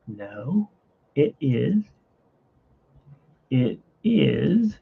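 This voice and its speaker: A man's voice: medium pitch, sing-song, extremely slow, creaky, pauses often, dark tone, husky. A man hosting a casual livestream from his phone, rambling and chatty with frequent laughs, in dull lo-fi phone audio. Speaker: livestream host.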